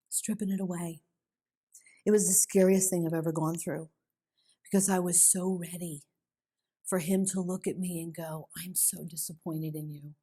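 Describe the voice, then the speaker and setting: With a fairly low, mellow voice, a middle-aged woman addresses a women's conference in a conference hall, relating her faith story as an earnest, emotional personal testimony.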